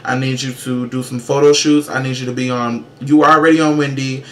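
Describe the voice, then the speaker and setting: A man hosting his own casual show, giving sassy, profane, emphatic pop-culture commentary with brash shout-outs. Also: mid-range voice, flat delivery, brisk. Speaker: show host.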